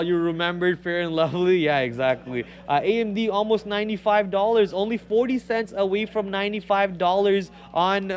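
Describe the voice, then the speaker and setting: A man from India, a Telugu speaker, hosting a live stock trading stream with excitable, joking chat. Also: sits high.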